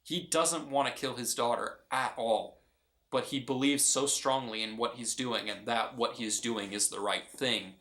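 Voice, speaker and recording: A man's voice: medium pitch, moderate pace, a bit bright. A man giving a casual, earnest film review, often restarting and repeating his phrases. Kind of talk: casual movie review vlog. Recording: roomy echo.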